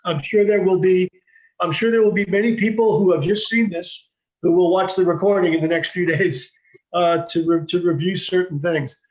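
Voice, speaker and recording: A man moderating a lecture's question session, speaking haltingly with many restarts and fillers. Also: high voice, fairly even intonation. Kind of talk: hosting a lecture Q&A. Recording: dull lo-fi audio.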